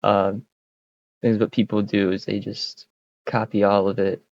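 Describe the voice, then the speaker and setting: A man thinking aloud in a casual, wry, halting way while he codes, speaking close to a desk mic. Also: lowish voice, little pitch movement, darkish tone, highs cut off. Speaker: streamer coding on screen.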